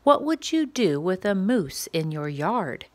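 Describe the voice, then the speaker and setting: A woman reading a rhyming picture book aloud to preschoolers, asking playful questions in a gentle, sing-song way. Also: fairly low pitch, big pitch swings, measured pace. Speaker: children's story reader.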